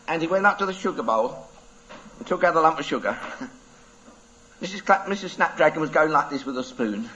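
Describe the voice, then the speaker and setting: Lively man telling a story. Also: high voice, moderate pace. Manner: lively, playful, laughs through the telling. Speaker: preacher giving a children's talk. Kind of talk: animated storytelling. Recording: dull lo-fi recording.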